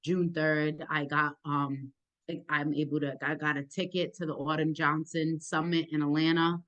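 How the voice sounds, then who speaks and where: Brief: young woman podcaster, low deep voice, thick accent, eager and animated, talks in quick bursts. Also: highs cut off. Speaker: sports podcaster and journalist. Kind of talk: casual interview answers.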